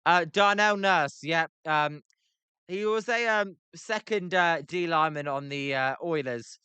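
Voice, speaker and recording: A young British man with a British accent calling a baseball game on a livestream, reading chat aloud between pitches with lots of filler words. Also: measured pace, sharp tone, clear, resonant tone, no room sound. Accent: British English. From Britain. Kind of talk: casual play-by-play livestream commentary.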